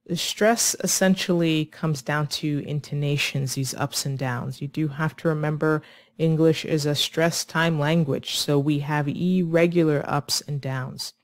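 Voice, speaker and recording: An English teacher explains speaking problems to learners in a clear, measured way. The voice sits at a middle pitch and is recorded close and dry, with no room sound. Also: steady tone, no echo. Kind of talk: scripted lesson to camera.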